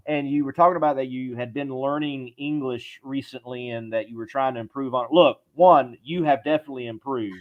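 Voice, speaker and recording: A man's voice: medium pitch, fairly even intonation, brisk, few pauses, dull audio. Chatty male show host from Louisiana. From southern Louisiana. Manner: friendly, repeats words, jokes. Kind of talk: casual live show chat.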